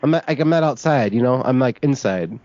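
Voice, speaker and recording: A man's voice: mid-range voice, lively intonation, a little fast, darkish tone, no room sound. A man making a prank phone call, stammering and indignantly confused. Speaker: prank caller.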